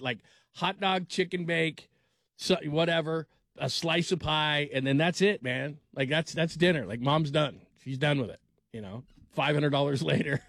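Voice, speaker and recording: A man's voice: on the high side, creaky, no echo, clean studio sound. Rambling jokey male radio host. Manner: rambling, jokey, many restarts. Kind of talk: casual talk radio chat.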